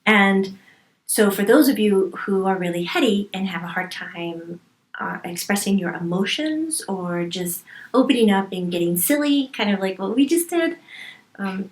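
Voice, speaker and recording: A woman speaking as a medium in a channeled spiritual talk, stressing points by repeating words. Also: mid-range voice. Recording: roomy echo.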